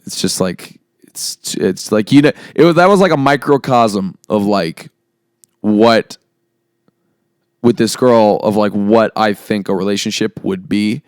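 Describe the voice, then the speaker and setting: A man's voice: lowish voice, unhurried, clear, resonant tone, no room sound, studio quality. A man co-hosting a podcast, talking casually, rambling earnestly at times and wry at others. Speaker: podcast co-host.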